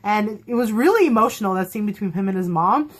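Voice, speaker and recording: Young woman, casual vlog chat, excitable, laughs a lot, acts out quotes, mid-pitched voice. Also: quick pace. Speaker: vlogger reviewing a TV episode.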